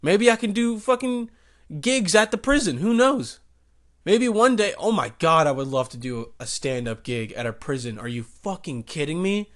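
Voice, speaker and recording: A man's voice: sits high, lively intonation, moderate pace, a bit bright. A man hosting a podcast, rambling through a crude comic monologue. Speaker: podcast host. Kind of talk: comedic solo monologue.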